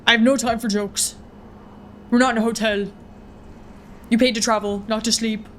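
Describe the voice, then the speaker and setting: A woman's voice: a little high, little pitch movement, normal speed, a bit bright, a little hiss or hum, close to an everyday voice. A woman voicing a stern, suspicious male bus conductor who gives cold, commanding orders.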